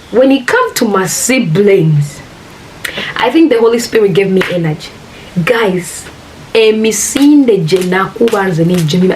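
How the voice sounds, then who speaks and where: Earnest woman telling her story. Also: mid-range voice. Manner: earnest, addresses viewers as "guys", acts out quoted dialogue. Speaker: vlogger. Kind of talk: emotional storytime retelling. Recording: distant mic with faint hiss.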